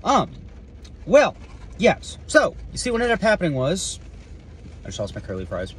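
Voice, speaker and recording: A man with a slightly high voice rambles through a self-filmed vlog, full of fillers, restarts and offhand cursing. Faint vehicle hum sits behind him as he films himself around his car. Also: wildly swooping pitch, moderate pace, fairly bright tone. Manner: rambling, swears casually, many fillers and restarts. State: eating while talking. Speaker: security guard vlogger.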